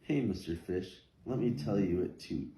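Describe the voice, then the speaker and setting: A man's voice: sits low, expressive, normal speed. A man voicing a blunt, frank male octopus who tells it straight. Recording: echoey room, faint noise.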